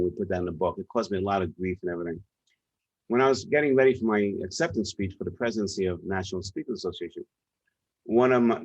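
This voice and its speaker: A man with a deep, husky New York-accented voice is a guest in a conversational interview, where he is introduced as a leadership author and speaker. He tells stories emphatically and directly, with no echo but a dull lo-fi sound.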